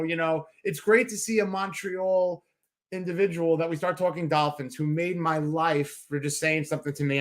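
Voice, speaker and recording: A man from New York, co-hosting a sports podcast, rambling and excitable as he tells stories in casual chat. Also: on the high side. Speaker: podcast co-host.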